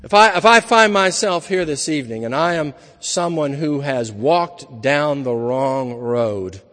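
A man's voice: fairly high pitch, lively intonation, a little slow, fairly bright tone, in a large hall. A man preaching an evening sermon in an earnest, emphatic manner, building his points through repeated phrases.

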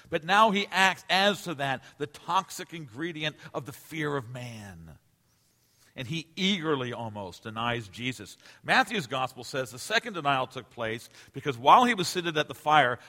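A man in his forties delivers a sermon with a bright, forceful tone. He swings from ringing emphasis down to near-whispered asides. His voice carries the long reverb of a large church sanctuary. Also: mid-range voice. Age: 40s. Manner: emphatic, swinging from loud to hushed. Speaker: pastor.

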